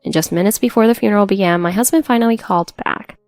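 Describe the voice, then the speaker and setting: A woman's voice: mid-range voice, quick pace, a little mellow, no room sound, faint music behind. A woman reading a first-person drama story as narrator, in an earnest, emotional storytelling manner.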